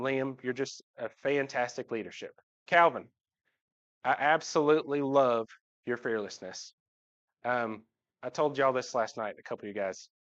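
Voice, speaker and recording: At the front of a church sanctuary, a man with a mid-range, slightly bright voice gives a personal talk to his congregation about his family, mixing jokes with heartfelt moments. The livestream audio sounds dull.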